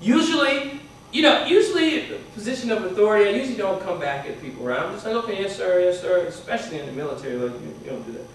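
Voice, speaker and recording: This motivational speaker's high voice is expressive and quick-paced as he tells students a chatty story in a university hall, frequently asking "right?". The echoey hall is recorded from far off, and there is slight background noise.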